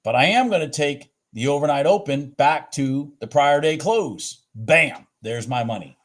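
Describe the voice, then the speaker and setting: A man with a somewhat high, very lively voice walks through his trading charts. He mutters to himself and swears as the candles move, like a host replaying his own session for viewers. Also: a little slow. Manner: animated, swears and talks to himself about the charts. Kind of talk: live trading chart review.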